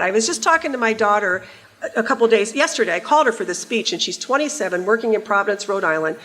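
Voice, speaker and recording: Speaking a little high and a bit bright, this keynote speaker in her sixties addresses a large conference hall. She tells stories in a wry, conversational way and teases the crowd.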